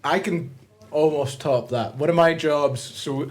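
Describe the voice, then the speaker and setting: A man's voice: a little high, measured pace. A man telling a self-mocking story over casual pub chat, often breaking into laughter. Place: busy pub. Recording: pub with chattering crowd behind.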